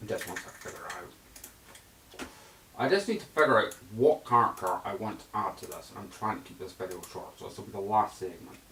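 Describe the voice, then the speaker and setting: Chatty man with a lively voice. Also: lowish voice, brisk, gravelly, slight background noise. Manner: chatty, switches between put-on voices. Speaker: voice actor. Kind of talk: casual voice impression demo. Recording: roomy echo, mic at a distance.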